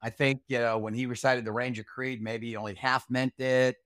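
A man's voice: medium pitch, little pitch movement, fairly quick, fairly bright tone, dry recording, studio quality. A man recounting a night from his Army days as an interview guest, blunt, profane and heated. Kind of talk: casual storytelling interview.

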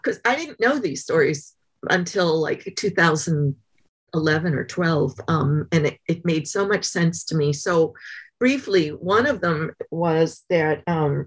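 A woman's voice: low-pitched, slow pace, husky. A woman being interviewed as an author, telling stories thoughtfully, with fillers. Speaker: guest author. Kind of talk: interview conversation.

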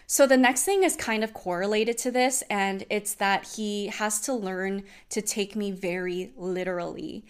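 A woman's voice: medium pitch, measured pace, hardly any pauses, clear, resonant tone. A young woman coach talking earnestly and expressively in a personal vlog, explaining at length. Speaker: self-empowerment coach.

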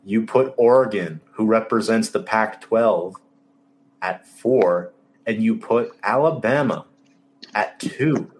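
A man's voice: lowish voice, takes it slowly. A man hosting a casual sports talk show, emphatic, exasperated and openly sarcastic. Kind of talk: casual sports podcast chat.

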